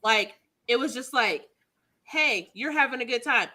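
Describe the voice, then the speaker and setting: A woman's voice: on the high side, expressive, unhurried, bright, forceful tone. A woman co-hosting a casual podcast, ranting dramatically and animatedly. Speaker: podcast co-host. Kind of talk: casual chat.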